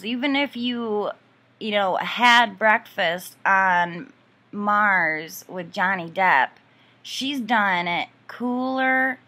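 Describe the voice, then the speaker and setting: A woman's voice: medium pitch, sharp tone. A woman vlogger ranting casually about a neighbor, profane, exasperated and rambling with many fillers.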